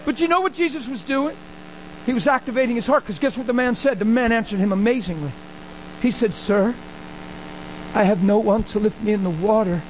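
A high-pitched man delivers a sermon through storytelling, jumping into the voices of the people he describes. His delivery swells in pitch and energy at the key points. A faint hum sits under the recording. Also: brisk, poor audio. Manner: animated, acts out dialogue, rises in pitch when excited. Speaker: preacher.

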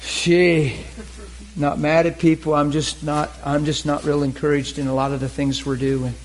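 A man preaching a storytelling sermon, talking conversationally and getting animated, with laughs and shouts at the peaks. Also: on the high side, moderate pace, slight background noise, rough recording.

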